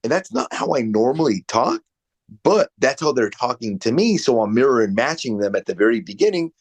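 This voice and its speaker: A man's voice: medium pitch, very animated, a little fast. A man coaching a salesperson over a video call, giving direct, conversational feedback. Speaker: real estate sales coach.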